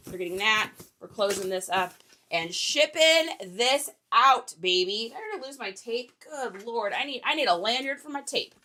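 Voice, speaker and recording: A woman's voice: medium pitch, moderate pace, sharp tone. A young woman hosting a casual reselling livestream, chatting and joking with viewers while packing orders. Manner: chatty, joking, reads viewer comments aloud.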